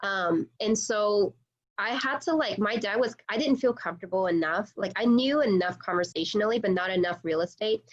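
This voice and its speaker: A woman's voice: medium pitch, normal speed, muffled recording. A woman working as a real estate agent, chatting casually on a video call, full of "like" and "you know".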